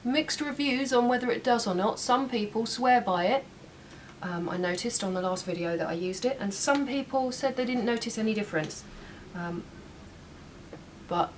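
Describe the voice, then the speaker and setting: Her voice is a little high and moves at a moderate pace while she chats through a home makeup tutorial. The young woman works as she talks, dropping small asides along the way. Recorded on a slightly distant mic with faint room noise.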